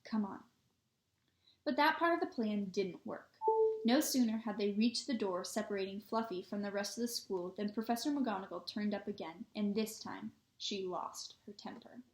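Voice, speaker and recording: A woman reading a children's book aloud in steady storytelling narration, in an echoey room. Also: medium pitch, normal speed. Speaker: reader.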